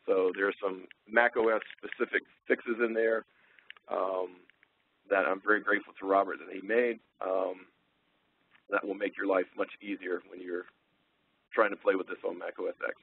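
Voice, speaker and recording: A man presenting a technical webinar, relaxed and full of ums and uhs as he thinks aloud. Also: low-pitched, normal speed, creaky, husky, no echo. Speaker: webinar presenter, sales engineer. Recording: tinny phone-line audio.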